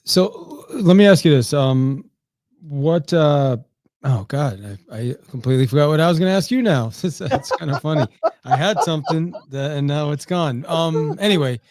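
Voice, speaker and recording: A man's voice: on the high side, animated, normal speed, darkish tone, dry recording. A middle-aged man hosting an interview, easygoing and prone to short affirmations and loose questions. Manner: easygoing, with brief listening affirmations. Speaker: podcast host. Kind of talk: casual interview chat.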